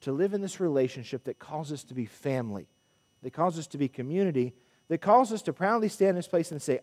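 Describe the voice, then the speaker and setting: A man, a minister preaching a sermon to his congregation in an animated way, with emphatic calls to the people. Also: a little high, fast. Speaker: pulpit minister. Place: church sanctuary. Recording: long church reverb.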